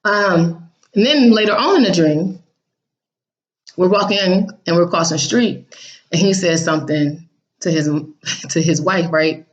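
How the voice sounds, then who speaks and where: Blunt, animated woman telling a dream. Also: on the low side, a little slow, long pauses, muffled recording. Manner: animated, quotes people in raised voices, blunt and sassy. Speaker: vlogger recounting a dream. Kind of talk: casual storytelling to viewers.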